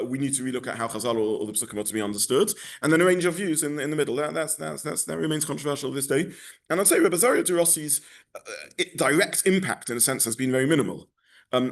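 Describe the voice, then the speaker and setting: A rabbi teaching a class, explaining his points at length and thinking aloud as he goes. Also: medium pitch. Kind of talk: lecture to a class.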